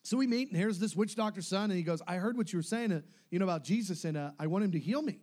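High-voiced, lively preaching man. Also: fast. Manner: animated, laughing storyteller who acts out quoted voices. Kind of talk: sermon storytelling.

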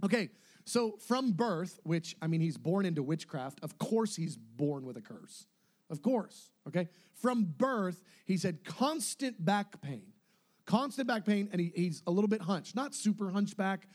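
Middle-aged male preacher, high voice, lively storyteller who plays out the quotes. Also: a little slow. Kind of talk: sermon storytelling.

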